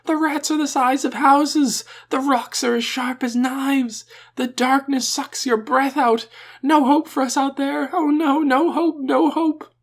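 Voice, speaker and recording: A man voicing a frantic madman who wails out a stream of despairing words in a high, rapid voice. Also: fairly even intonation. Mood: frantic wailing. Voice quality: shrill, shouting.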